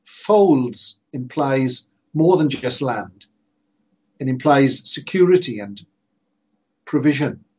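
A preacher delivers an emphatic sermon, leaning hard on slow, repeated phrases. His voice is somewhat husky and sits a little high. The recording sounds dull and lo-fi. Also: darkish tone. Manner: earnest, emphatic preaching with slow stressed repetitions.

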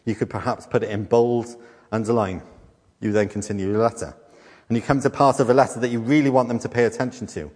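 Pastor preaching in a reverberant hall. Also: male voice, mid-range voice, steady tone, darkish tone. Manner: teaching with rhetorical questions and deliberate repetition. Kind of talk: sermon.

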